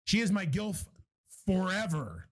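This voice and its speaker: A man with a high voice co-hosts a relaxed podcast chat at a measured pace. He is animated, swears a lot and laughs often.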